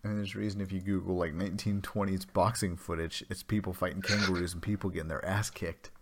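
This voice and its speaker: A man's voice: low voice, level tone, fast talker, noisy background. A man co-hosting a podcast, laid-back and swearing in casual chat. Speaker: podcast co-host.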